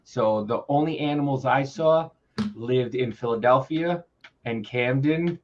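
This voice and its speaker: A man's voice: mid-range voice, a little slow, highs cut off, slight background noise. A man from the New York metro area co-hosting a casual podcast chat, joking and laughing often. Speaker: podcast co-host.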